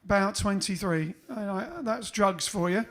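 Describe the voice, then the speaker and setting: A man's voice: high-pitched, normal speed. A man hosting a band livestream, chatting casually between songs with rambling, joking asides.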